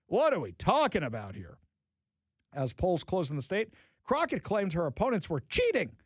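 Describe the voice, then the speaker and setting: A man's voice: sits high, huge pitch swings, normal speed, dry recording. A man hosting a political talk radio show, reading news items and breaking into sarcastic, mocking asides. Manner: reads news items aloud, then comments on them.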